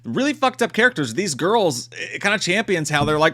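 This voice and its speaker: Brief: a man doing a loose, foul-mouthed movie review, slightly high voice, jumping into quoted voices. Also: a little fast. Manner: animated, profane, acts out quotes.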